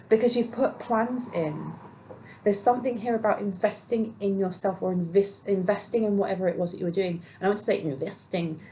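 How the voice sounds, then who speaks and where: A woman's voice: medium pitch, warm tone, a little hiss or hum, low-quality recording. Chatty woman giving a tarot reading. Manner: chatty, rambling, many fillers and restarts; talks to herself while handling cards. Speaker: tarot reader. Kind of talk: casual collective tarot reading.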